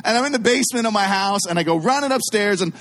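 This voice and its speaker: A man's voice: high-pitched, fast talker. A middle-aged man preaching to a congregation, telling a story full of asides and jokes aimed at the crowd. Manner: animated, self-deprecating, jokes with the audience. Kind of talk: storytelling sermon.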